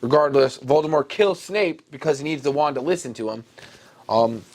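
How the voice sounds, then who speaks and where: A man co-hosting a podcast, retelling a story in an animated, mock-dramatic way with big swings in his voice. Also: mid-range voice, moderate pace. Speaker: podcast co-host. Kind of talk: comedic casual retelling.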